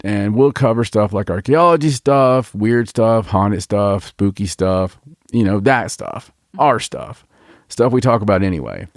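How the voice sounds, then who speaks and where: A man's voice: lowish voice, lively intonation, unhurried, no room sound, studio quality. A man co-hosting a paranormal podcast, chatting casually and joking, often trailing off and restarting. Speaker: podcast co-host. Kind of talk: casual chat.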